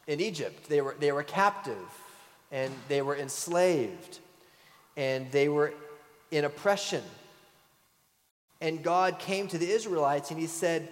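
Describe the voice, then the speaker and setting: A man's voice: fairly high pitch, a little slow, long pauses. A middle-aged male pastor preaching a sermon in a church sanctuary, telling stories earnestly and reading scripture with emphasis. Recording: long church reverb.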